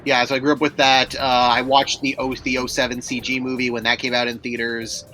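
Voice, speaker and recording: A man's voice: mid-range voice, monotone, a little fast, bright, forceful tone, faint music behind, poor audio. A man hosting a charity stream, reading out donations and chatting casually with some stumbles.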